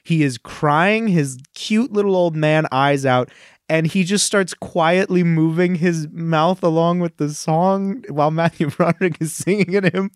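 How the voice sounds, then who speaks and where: A man's voice: a little high, measured pace, clean tone, dry recording, studio quality. A man co-hosting a podcast in casual chat, gushing and rambling with many fillers, choked up and tearful. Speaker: podcast co-host.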